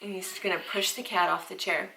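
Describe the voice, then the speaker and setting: A woman's voice: on the low side, fairly even intonation, fast talker, gravelly, sharp tone, slight background noise, rough recording. A young woman from the southern United States, a first-time mom chatting casually to her vlog audience at home. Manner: chatty, playful baby talk. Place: home room with baby.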